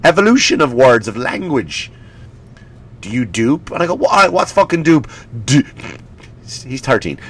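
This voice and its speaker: A man's voice: a little high, moderate pace. A man in his forties hosting a comedy podcast, ranting with swearing and mocking impressions, a bit sniffly. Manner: animated, profane, mocking impressions. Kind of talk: comedic rant.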